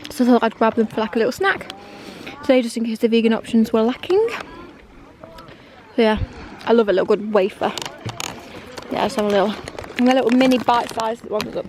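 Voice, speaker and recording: A woman's voice: fairly high pitch, brisk. Giggly young woman vlogging outdoors. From England. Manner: chatty, giggly, often says "little" and "love it". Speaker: travel vlogger. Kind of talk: casual vlog narration. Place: outdoors on a coastal boat trip. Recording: noisy outdoor ambience with boat sounds.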